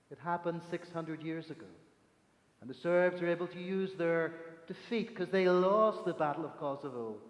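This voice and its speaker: A man preaching a sermon, telling stories with emphatic pauses, from Northern Ireland. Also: high-pitched. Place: church sanctuary. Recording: echoey church hall reverb.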